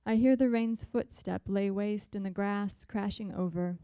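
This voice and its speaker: A woman poet reading her poems in a measured, deliberate way, with soft, hesitant asides between them. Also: mid-range voice, fairly even intonation, clear, resonant tone, dry recording. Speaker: visiting poet. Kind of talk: poetry reading.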